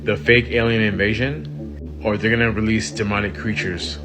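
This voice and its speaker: A man's voice: on the low side, fairly even intonation, normal speed. A man talking in an urgent, conspiratorial way. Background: music.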